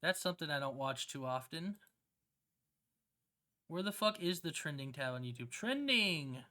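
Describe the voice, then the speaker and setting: A streamer chatting casually with viewers on a live stream, slangy and excitable, swearing often and laughing a lot. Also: medium pitch, normal speed. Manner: slangy, swears a lot, keeps saying "bro". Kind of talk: casual livestream chat with viewers.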